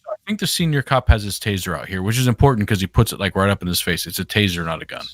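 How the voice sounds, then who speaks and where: A man's voice: on the low side, expressive, racing, dry recording. A man co-hosting a podcast, commenting casually on video clips and often restarting his sentences. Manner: rambling, many restarts. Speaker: podcast co-host.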